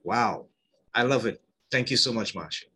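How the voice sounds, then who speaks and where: Bright-voiced effusive male host. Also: mid-range voice, moderate pace, poor audio. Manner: effusive, reads viewer comments aloud. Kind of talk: live-stream interview hosting.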